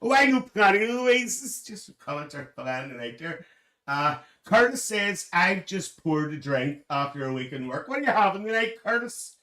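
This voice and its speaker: Bloke putting on a cheeky auntie, calls everyone dear, raised voice, sits back off the mic. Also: male voice, high-pitched, very animated, normal speed, sharp tone, distant mic, exaggerated voice. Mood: gossipy. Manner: gossipy, calls everyone dear, laughs often. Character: chatty older auntie, gossipy and cheeky. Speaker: livestream host. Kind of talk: live stream chat in character.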